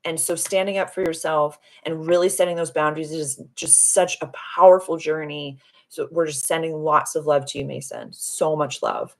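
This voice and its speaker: A woman's voice: deep voice, steady tone, normal speed, few pauses. A woman hosting a casual live stream as a spiritual healer, gushing and affirming as she answers viewer comments. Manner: soothing, affirming.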